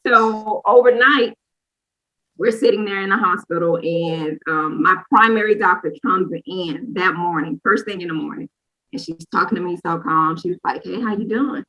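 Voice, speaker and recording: Woman in her 30s, clear bright voice, candid rambling storyteller, podcast co-host. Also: lowish voice, moderate pace, poor audio. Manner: candid, rambling, frequent "or whatever" asides. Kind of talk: personal storytelling chat.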